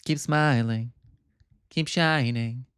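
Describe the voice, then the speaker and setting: A man's voice: mid-range voice, slow pace, a bit bright, clear, resonant tone, dry recording, clean studio sound. A man giving a comedic movie recap with theatrical, sarcastic asides. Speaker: film reviewer.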